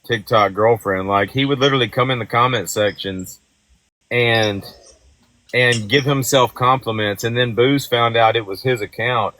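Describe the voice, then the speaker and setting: A man with a bright, forceful voice talks bluntly on his livestream, gossiping and cursing freely. The sound is dry and close, with no room around it. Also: mid-range voice, dry recording. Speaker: livestream host. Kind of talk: casual livestream chat.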